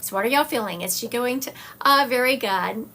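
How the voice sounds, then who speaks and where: A woman's voice: on the high side, brisk, bright, forceful tone. A woman hosting a live-streamed psychic reading session, talking to her chat viewers in an encouraging, direct way. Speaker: psychic medium host.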